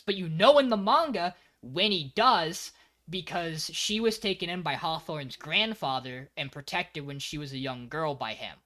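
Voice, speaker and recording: A man's voice: fairly high pitch, moderate pace. A man co-hosting a podcast, animatedly recapping an anime episode in casual chat and swearing freely. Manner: animated storyteller, frequent swearing. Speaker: podcast co-host.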